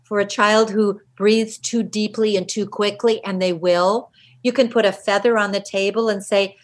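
A middle-aged woman, a parenting author, giving energetic interview answers and acting out little quotes in lively voices. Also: medium pitch, moderate pace.

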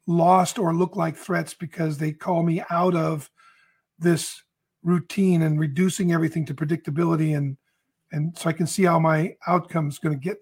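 A man's voice: fairly high pitch, gravelly, darkish tone, husky. A man consultant on a podcast, telling a long client story and acting out both sides of the dialogue. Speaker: leadership consultant.

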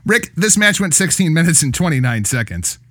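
Animated, profane male podcast host. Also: on the high side, fairly quick, no room sound, studio quality. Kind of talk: casual wrestling podcast chat with ad read.

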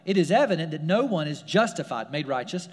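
A man's voice: fairly high pitch, very animated, a little fast, long reverb tail. A man, a pastor, preaching a sermon in a casual, conversational way, full of fillers and repeated phrases. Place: church sanctuary.

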